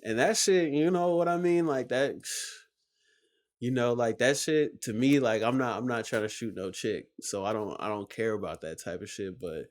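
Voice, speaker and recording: A man's voice: fairly low pitch, normal speed. A man hosting a reaction video, talking casually and rambling with lots of fillers. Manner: rambling, full of "like" and "you know". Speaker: reaction channel host.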